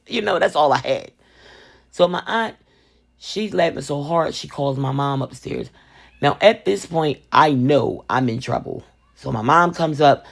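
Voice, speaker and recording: Woman, storytime vlog, gravelly, very lively pitch, animated. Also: measured pace. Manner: animated, expressive, laughs often. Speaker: vlogger, resin crafter. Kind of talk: casual storytime.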